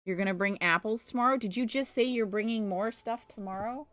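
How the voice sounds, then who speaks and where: A woman's voice: medium pitch, brisk. A woman chatting away on a home live stream, full of exasperated storytelling and playful teasing. Her voice sits in a mid range and the sound is dry and close, with no room echo. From Canada. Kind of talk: casual live-stream chat.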